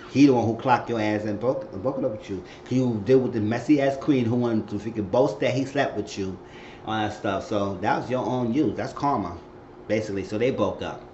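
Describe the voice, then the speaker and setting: A man casually recapping a TV episode, acting out the characters' lines with sudden high squeals. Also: a little hiss or hum. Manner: animated retelling, acting out quotes with high squeals. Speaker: recap host. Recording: echoey room, dull lo-fi sound.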